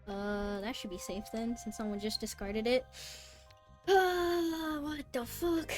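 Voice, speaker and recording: A woman streaming a game, chatting casually, swearing often and jumping from low mutters to squealing disbelief. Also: fairly bright tone. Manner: swings from mumbled muttering to high yelps of disbelief, swears often. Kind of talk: casual live-stream chat while gaming. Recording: faint music behind. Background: faint background music.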